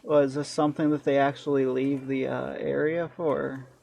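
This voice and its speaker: A man's voice: medium pitch, level tone, moderate pace, gravelly, darkish tone. A man streaming a strategy game, muttering through his plans and chatting bluntly to viewers with crude humor. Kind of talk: casual gameplay commentary.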